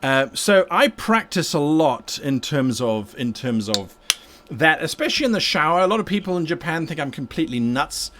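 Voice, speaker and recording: A man's voice: fairly high pitch, big pitch swings, normal speed, noisy background. A man hosting a live stream and answering viewer questions about game mastering, talking casually and rambling with restarts and repeated words while he paints. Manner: talks while painting miniatures.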